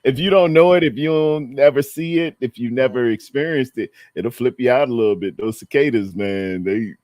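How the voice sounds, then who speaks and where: A man's voice: medium pitch, moderate pace, darkish tone, no echo, clean studio sound. A man, hosting a casual chat, telling stories in a drawling, laughing way. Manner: laid-back storyteller, drawling, laughs often. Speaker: host.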